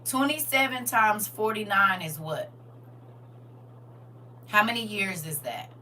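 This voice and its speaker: A woman's voice: mid-range voice, lively intonation, takes it slowly, pushed and bright, distant mic, slight background noise. An older woman leading a casual livestream Bible lesson, chatting and teasing her viewers as she teaches. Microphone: phone.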